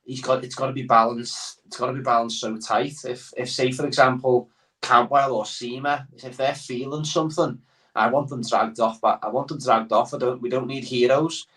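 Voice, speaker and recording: Speaking at normal speed with a steady, slightly bright mid-range voice, a male guest rambles through casual football podcast chat, using plenty of fillers. He is miked from a bit of a distance.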